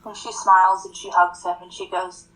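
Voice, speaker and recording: A woman's voice: mid-range voice, flat delivery, moderate pace, a bit bright, rough recording. A woman playing a tabletop game, narrating her character's actions. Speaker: player.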